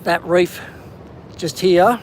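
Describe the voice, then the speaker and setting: A man's voice: high voice, fairly even intonation, slow pace, a little hiss or hum, low-quality recording. A man with an Australian accent hosting a live stream while walking outdoors, chatting casually and greeting viewers by name. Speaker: livestream host. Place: outdoors on a windy coastal headland.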